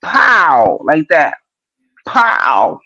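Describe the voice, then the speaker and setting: A woman from New York chatting casually on a podcast, with slow, drawn-out, playful banter. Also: sits low, sing-song, vocal fry, bright, forceful tone, no echo, lo-fi sound.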